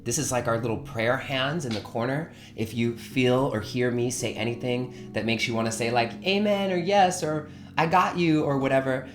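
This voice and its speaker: A man hosting a live online spiritual session, gently encouraging his audience to join in. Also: medium pitch, fairly even intonation, moderate pace, few pauses, reverberant. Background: guitar playing.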